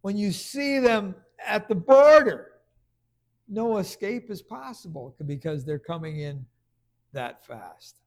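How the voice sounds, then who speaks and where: A man preaching a conversational sermon, stumbling over restarts and then rising into loud bursts of emphasis. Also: sits high, animated, takes it slowly.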